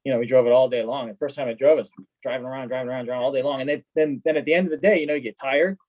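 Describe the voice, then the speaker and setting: A man telling stories in a casual chat as a guest, lively, acting out what people said. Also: mid-range voice, very fast, rough recording. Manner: animated, acts out quoted dialogue. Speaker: guest, car collector. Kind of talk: casual storytelling.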